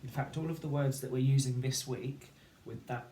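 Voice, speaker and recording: A man's voice: mid-range voice, fairly even intonation, moderate pace, warm tone. A man teaching a phonics lesson, patiently sounding out letters and words. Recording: echoey room, faint background noise.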